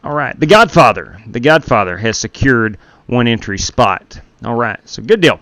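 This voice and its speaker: A man's voice: medium pitch, lively intonation, normal speed, fairly bright tone, no room sound. A man hosting a sim racing live stream through a gaming headset, chatting casually with viewers while running the race lobby.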